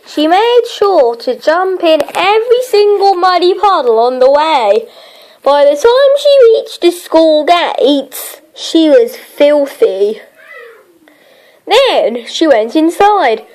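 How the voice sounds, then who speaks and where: A woman reads a children's storybook aloud in a high, lively voice. Her delivery is slow and expressive, with lots of rise and fall. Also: rough recording. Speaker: narrator. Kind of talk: storybook narration.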